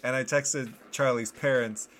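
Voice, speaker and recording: A man's voice: medium pitch, fairly even intonation, unhurried, a bit bright, slight background noise. A young man co-hosting a podcast, chatting casually and rambling with lots of fillers and self-deprecating laughs. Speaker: podcast co-host. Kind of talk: casual chat.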